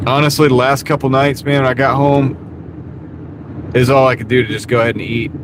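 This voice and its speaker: A man's voice: medium pitch, level tone, a little fast. A man with a Southern accent rambling casually to his live-stream viewers while he drives, easygoing and self-deprecating. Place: inside a car at night. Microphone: wireless clip-on mic. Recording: audible road and car noise. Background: car and road noise.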